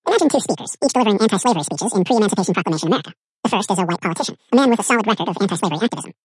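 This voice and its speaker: A woman reading a scripted book summary in an even, measured narration. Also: medium pitch, slightly rough, no room sound.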